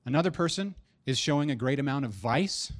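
A pastor in his thirties delivers a sermon in a medium-pitched, slightly fast voice. He's animated and joking, building up to emphatic punchlines.

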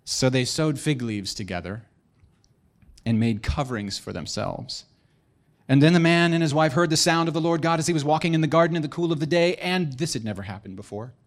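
A man's voice: fairly high pitch, brisk. A man preaching a sermon with emphatic delivery and playful joking asides.

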